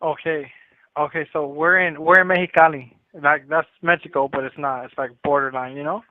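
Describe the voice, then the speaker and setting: A man's voice: a little high, fairly even intonation, a little fast, dry recording. Man telling a story over a tinny phone. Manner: loose street slang, repeats himself. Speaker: incarcerated caller. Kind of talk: casual storytelling on a phone call. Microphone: prison phone. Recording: tinny dry prison phone line.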